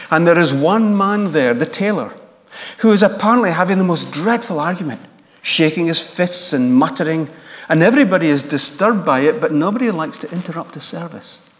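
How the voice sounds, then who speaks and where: A man preaching a sermon in a church, earnest and measured. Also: a little high. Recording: long church reverb.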